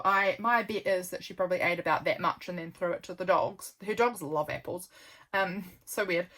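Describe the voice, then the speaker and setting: A woman's voice: medium pitch, a bit bright. A young woman, chatting casually and rambling with lots of ums while flipping through her journal. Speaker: journaling vlogger.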